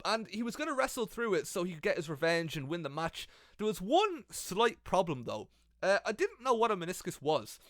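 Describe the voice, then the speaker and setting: A young Irish man giving comedic, sweary advice about wrestling commentary in an animated vlog, speaking into a gaming headset. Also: high voice, fairly quick, no echo, clean studio sound. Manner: animated, sweary, self-mocking.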